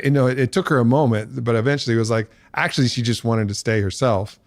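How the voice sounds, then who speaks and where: A man being interviewed as a podcast guest, talking reflectively and growing animated and laughing as he tells a personal story. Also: medium pitch, fast talker, hardly any pauses, dry recording. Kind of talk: candid conversational storytelling.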